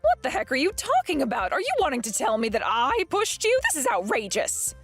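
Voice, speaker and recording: A woman's voice: on the high side, very animated, moderate pace, slightly rough, soft background music. Woman playing a possessive, self-righteous mother-in-law. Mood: indignant. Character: domineering, possessive middle-aged mother-in-law. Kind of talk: dramatized text-message story.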